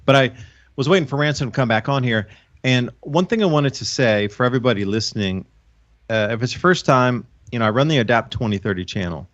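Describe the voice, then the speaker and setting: A man's voice: medium pitch, animated, brisk, fairly bright tone, highs cut off. A man giving a long, earnest, rambling explanation as a guest on a casual talk show, often restarting his sentences. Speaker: guest, online channel host. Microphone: own microphone.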